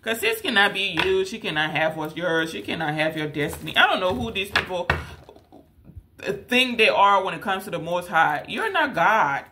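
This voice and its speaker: A woman's voice: fairly low pitch, lively intonation, normal speed, noisy background. A woman giving a casual tarot reading straight to the viewer, rambling and repeating herself with many fillers. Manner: emphatic, addresses viewer directly. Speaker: tarot reader.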